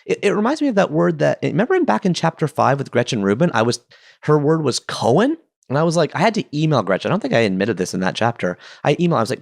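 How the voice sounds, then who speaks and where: A man's voice: on the high side, big pitch swings, fast talker, vocal fry, no room sound. A man hosting a podcast, chatting enthusiastically with playful asides into a close mic. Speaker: podcast host. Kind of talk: casual podcast monologue.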